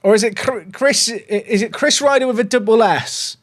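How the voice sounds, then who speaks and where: A man's voice: high-pitched, normal speed. A man chatting casually to viewers on a livestream from his home office, upbeat and talkative.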